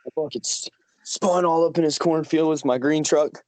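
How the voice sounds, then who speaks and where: A young podcast co-host with a slightly high, steady, darkish voice speaks at a moderate pace. In a casual storytelling chat, he tells a rambling, profane story about work, laughing a lot.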